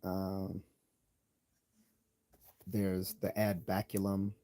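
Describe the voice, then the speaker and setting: A man hosting a live stream, explaining logical fallacies in a loose, halting way with many ums and restarts, sometimes reading out definitions. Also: low-pitched, completely flat delivery, dark tone. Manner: reads out definitions and examples. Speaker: channel host.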